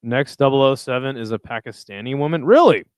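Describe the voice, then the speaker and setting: A young man hosts a casual live chat, rambling loosely with plenty of swearing. His voice is smooth and clean, set at an ordinary middle pitch. It sits dry and close, with no room around it. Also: lively intonation, brisk, dry recording. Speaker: livestream host reading chat.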